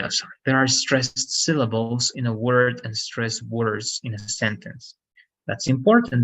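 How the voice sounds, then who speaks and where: A man's voice: medium pitch, a bit bright, rough recording. A man whose first language is Spanish, giving an online English lesson, explaining step by step, correcting himself and often asking "right?". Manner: explanatory, frequent "right?" checks, self-corrections. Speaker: English teacher.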